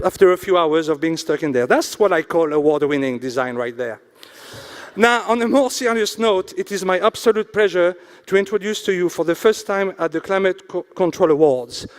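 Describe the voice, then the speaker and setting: A man hosting an awards ceremony in a hotel event hall. He reads out sponsors slowly and drops jokes between them. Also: high-pitched. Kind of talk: emcee announcing and joking on stage.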